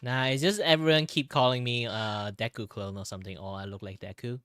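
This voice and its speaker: A young man with a Malaysian English accent leaning slightly British, chatting casually while drawing on stream. He is tired after long hours, laughs often and jumps into loud, high exclamations. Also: steady tone, a little fast, clear, resonant tone, no room sound, studio quality. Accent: Malaysian English with a slight British lean. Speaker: art streamer.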